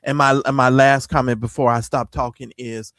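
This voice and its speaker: A man's voice: mid-range voice, fairly even intonation, normal speed, a bit bright, slight background noise. A man co-hosting a casual talk radio show, blunt and scoffing as he teases and rants. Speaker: co-host.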